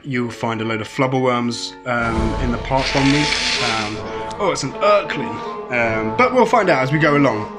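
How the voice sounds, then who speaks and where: A man giving casual, rambling commentary on a mobile game, with lots of ums and sudden excited outbursts. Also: mid-range voice.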